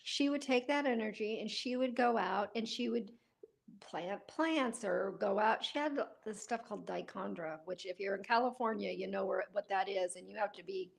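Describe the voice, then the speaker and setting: A woman co-hosting a podcast, telling animated stories and laughing easily in casual chat. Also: mid-range voice, normal speed, creaky. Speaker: podcast co-host.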